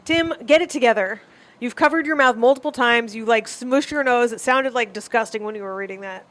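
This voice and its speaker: A fairly high-voiced woman co-hosting a comedy podcast. She talks bluntly, swearing freely and scolding her partner in jest, close on a studio mic. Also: a little fast, fairly bright tone. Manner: blunt, profane, mock-scolding. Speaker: podcast co-host. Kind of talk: casual comedic podcast banter.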